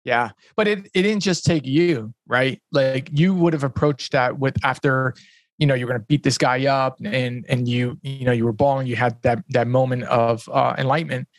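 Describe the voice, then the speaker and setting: A man with a mid-range voice hosting a podcast conversation. He reflects aloud on what his guest said, pausing and restarting as he works his way toward his point. The sound is close and dry. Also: mid-range voice, fairly even intonation, no room sound. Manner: thoughtful, reflective, hesitant restarts. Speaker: podcast host.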